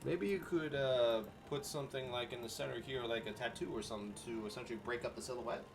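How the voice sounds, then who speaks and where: A man's voice: mid-range voice, fast, creaky, far from the mic, noisy background. A man chatting casually with his partner during her art stream, easygoing and teasing. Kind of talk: casual chat.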